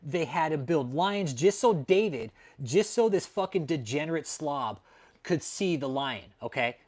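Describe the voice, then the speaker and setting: At home with a dog nearby, a male livestream host rants to his viewers, swearing constantly and giving blunt, angry commentary. His voice sits a little above typical male pitch and has a darkish tone, expressive and unhurried.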